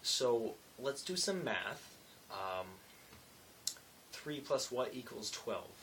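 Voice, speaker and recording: A man's voice: mid-range voice, very animated, slow, fairly bright tone, recorded from a distance, a little hiss or hum. A tired young man rambling through a casual late-night vlog, self-mocking and full of restarts. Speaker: vlogger.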